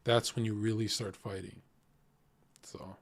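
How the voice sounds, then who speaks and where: A man's voice: lowish voice, unhurried, gravelly. A man streaming, telling a story casually in a blunt, profane way. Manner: profane, blunt, animated retelling.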